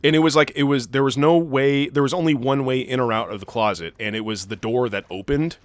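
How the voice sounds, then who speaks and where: A man's voice: medium pitch, steady tone, brisk, no room sound. A young man co-hosting a gaming video, rambling through a long story full of fillers and swearing while he plays. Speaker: gaming channel co-host. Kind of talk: casual let's-play storytelling.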